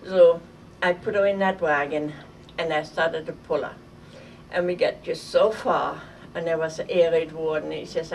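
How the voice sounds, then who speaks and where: An older woman from Germany telling a vivid, halting story from her childhood in an oral history interview. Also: deep voice, fairly even intonation, gravelly, a little mellow. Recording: distant mic with faint noise.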